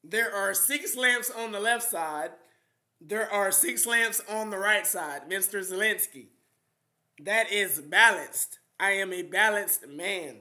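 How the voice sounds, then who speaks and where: Grandiose young man rambling to the camera in a high, bright voice, with a roomy echo around him. He repeats himself and leans on fillers, then stretches certain words out slowly for weight. He sounds defiant and sure of his own importance. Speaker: self-styled spiritual leader addressing world leaders.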